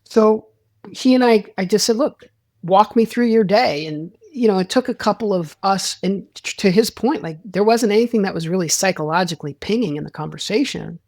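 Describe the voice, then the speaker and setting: A man's voice: high voice, fairly quick, darkish tone, no room sound, studio quality. A man, a sports psychologist, talking as a guest in a casual interview, rambling with restarts and acting out quoted dialogue.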